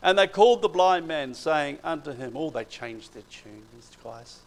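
A man preaching a sermon, retelling Bible stories with animated emphasis and swings in loudness. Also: fairly high pitch, moderate pace, poor audio.

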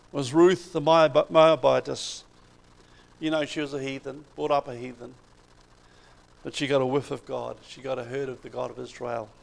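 A man preaches a sermon, retelling scripture stories with animated, emphatic delivery. His voice sits a little high for a man and carries a gravelly rasp. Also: low-quality recording.

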